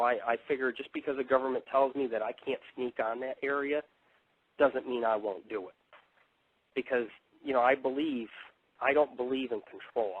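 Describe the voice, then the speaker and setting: A man's voice: mid-range voice, no room sound. Swearing man ranting on tinny radio. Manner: rambling, swearing, combative. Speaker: internet radio host. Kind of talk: profane live radio monologue. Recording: tinny phone-like dry audio.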